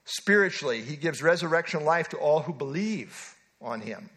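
A man's voice: a little high, expressive, normal speed, a bit bright. A male pastor preaching an earnest expository sermon who now and then acts out the lines he quotes.

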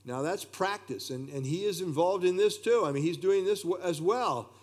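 Guy teaching a bible study, kinda higher voice, lots of uh's, takes his time. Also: expressive. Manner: unhurried, with frequent "uh" fillers and plain explanations.

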